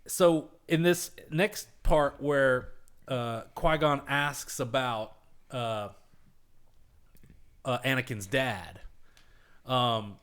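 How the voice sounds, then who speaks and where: Guy on a podcast rambling about a movie, swearing a lot, pitch in the middle. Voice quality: profane, rambling, animated retelling. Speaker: podcast host. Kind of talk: casual chat.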